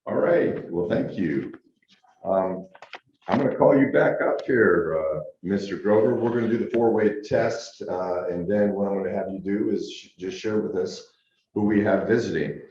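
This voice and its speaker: Low, dark male meeting leader, formal and measured, heard in an echoey hall. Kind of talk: leading the pledge and club rituals. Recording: echoey room, dull lo-fi sound, faint noise.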